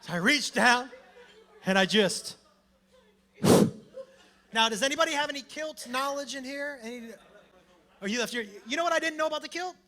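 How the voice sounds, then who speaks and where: A man performing a stand-up comedy set, telling a story in a brash, loud way with shouted bursts, on a handheld mic at a comedy club. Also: extremely high pitch, normal speed, long pauses.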